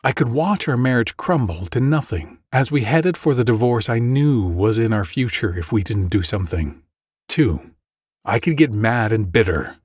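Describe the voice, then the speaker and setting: Husky man's dramatic ad narration. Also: mid-range voice, dry recording, clean studio sound. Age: 40s. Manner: dramatic confessional storytelling. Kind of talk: scripted narration.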